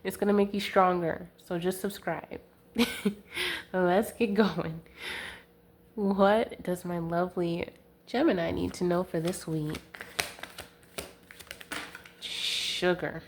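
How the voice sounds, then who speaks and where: A woman's voice: fairly low pitch, fairly even intonation, slow pace, long pauses, a little hiss or hum. A young woman giving a casual tarot reading to camera, chatty and giggly, full of fillers, talking into a handheld camera. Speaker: tarot reader. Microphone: handheld camera mic.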